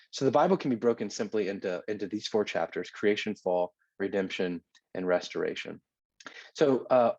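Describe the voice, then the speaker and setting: A man's voice: fairly low pitch, a little mellow, dry recording, muffled recording. Man giving a conversational lecture. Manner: conversational, checks in with "okay?". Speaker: teacher. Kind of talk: recorded lecture.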